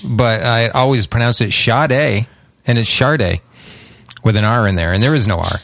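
A man's voice: lowish voice, fast, fairly bright tone, slight background noise. A man co-hosting a casual podcast, rambling and searching for words as he explains tech. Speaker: co-host. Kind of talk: casual chat.

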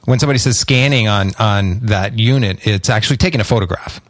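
Low-voiced rambling male co-host. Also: fast, no echo, clean studio sound. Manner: rambling, searching for words. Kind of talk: casual chat.

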